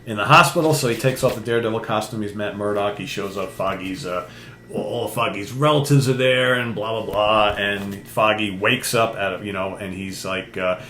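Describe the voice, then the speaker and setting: A man's voice: on the low side, normal speed, sharp tone. An older man co-hosting a casual chat, retelling a comic book story and acting out the characters' lines. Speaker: podcast co-host. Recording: echoey room with faint hum.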